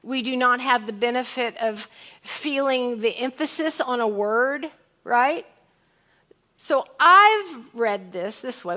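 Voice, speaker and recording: A woman's voice: on the high side, lively intonation, slow pace, bright, forceful tone. A woman pastor giving a sermon, reading scripture aloud and acting out lines in different tones. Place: church sanctuary.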